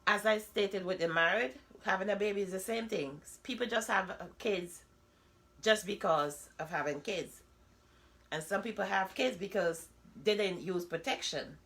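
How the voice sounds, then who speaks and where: A woman's voice: medium pitch, moderate pace, a bit bright. Blunt, chatty woman in her forties. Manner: blunt, chatty, frequent rhetorical asides. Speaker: vlogger. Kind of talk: candid personal monologue.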